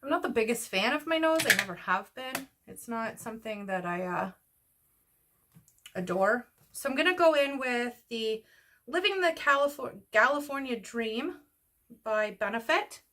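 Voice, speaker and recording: In a fairly high, expressive voice with a sharp tone, a beauty vlogger keeps up a chatty, rambling get-ready-with-me talk at a moderate pace. She's doing her makeup as she speaks and seems slightly out of breath.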